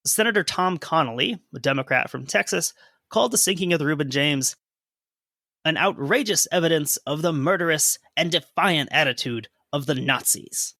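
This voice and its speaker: A man co-hosts a history podcast, reading archival quotes aloud and slipping in dry jokes. His voice is bright and a little high, recorded close and dry with no room sound. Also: expressive, normal speed, no echo. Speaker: podcast co-host. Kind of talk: history podcast narration and chat.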